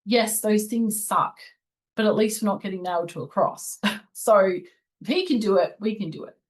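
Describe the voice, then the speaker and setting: A woman in a casual spiritual talk, at a middle pitch for a woman. She speaks earnestly and shares personal stories in a confiding way. She gets animated when she recalls the moments that frustrated her. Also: moderate pace, rough recording. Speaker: spiritual channel host. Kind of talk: casual spiritual commentary and book reading.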